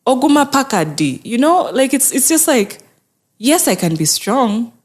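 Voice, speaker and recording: A high, very animated woman's voice at a normal pace belongs to a mental health therapist appearing as an interview guest. She is earnest and encouraging in this conversational interview, often acting out the inner thoughts people have.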